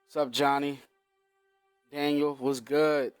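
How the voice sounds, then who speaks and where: A man's voice: mid-range voice, fairly even intonation, a little slow, clear, resonant tone, no room sound, soft background music. A male guest trader on a live stream, hyped up and greeting viewers by name.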